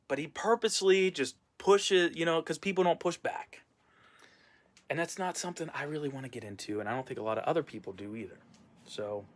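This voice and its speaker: Man venting in a rambling vlog. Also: medium pitch. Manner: rambling, venting about a former boss; frequent fillers and trailing asides. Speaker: vlogger and musician. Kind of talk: casual vlog monologue.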